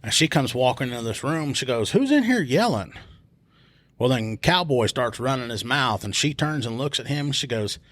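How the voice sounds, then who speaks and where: A man's voice: mid-range voice, brisk, hardly any pauses, no room sound. A man, a police officer telling stories casually on a podcast and acting out what people said. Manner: animated retelling, acts out quotes in raised voice. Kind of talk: casual storytelling. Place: podcast studio.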